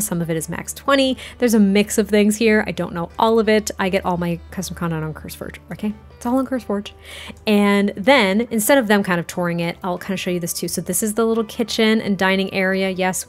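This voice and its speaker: A woman casually narrating a life-sim story, chatty and filling her talk with "like" and "you know". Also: mid-range voice. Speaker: Sims storyteller YouTuber.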